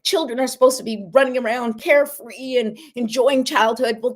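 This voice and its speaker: Female self-help host, direct coaching delivery, emphatic repetition, slightly high pitch. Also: slightly rough. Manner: coaching, addresses listener directly, frequent "okay?". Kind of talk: motivational self-help talk.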